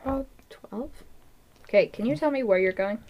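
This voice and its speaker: A young woman narrating a tabletop game as game master, giggly and halting. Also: fairly high pitch, lo-fi sound.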